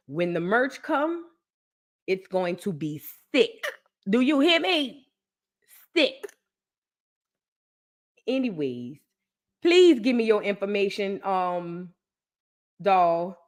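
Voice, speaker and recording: A young woman chatting excitedly with her viewers on a live stream, repeating phrases for emphasis. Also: mid-range voice. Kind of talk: casual live-stream chat.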